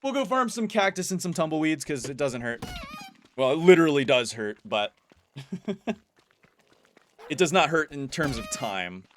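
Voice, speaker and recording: A man's voice: fairly high pitch, very animated, moderate pace, pauses often. A man giving casual, playful gameplay commentary as a YouTuber, teasing and chatting to the creatures in his game. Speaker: gaming YouTuber.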